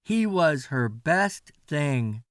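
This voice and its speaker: A man reading a children's storybook aloud as a bedtime story, slow and sing-song with lots of expression. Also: fairly high pitch, big pitch swings, no room sound, studio quality.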